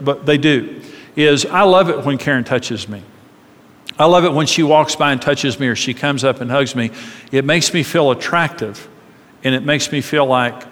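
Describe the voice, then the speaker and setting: A middle-aged man giving a sermon-style marriage talk, animated and acting out the voices in his stories. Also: a little high. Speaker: marriage speaker. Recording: long hall reverb.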